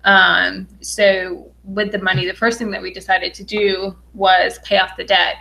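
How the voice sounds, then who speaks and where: A young adult woman from Western Massachusetts hosts a casual live stream and reads viewer comments aloud. She sounds bubbly and excited, with a mid-range voice and lots of "um"s between names. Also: mid-range voice, measured pace, vocal fry. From Western Massachusetts, USA. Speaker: personal finance vlogger.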